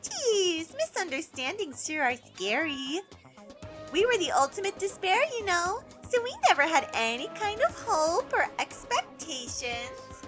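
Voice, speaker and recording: A woman's voice: very high voice, sing-song, measured pace, a bit bright, faint music behind, exaggerated voice. A woman voicing an unstable teenage girl mastermind who swings between bored, cutesy and mopey tones. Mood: sad emo. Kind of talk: fan voice-acting over a game.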